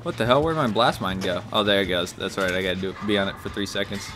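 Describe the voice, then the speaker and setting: A young man giving casual, jokey commentary over a video game, reacting loudly to big moments. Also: low-pitched, fast talker. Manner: excitable, jokey, shouts and laughs at big plays. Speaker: gaming YouTuber.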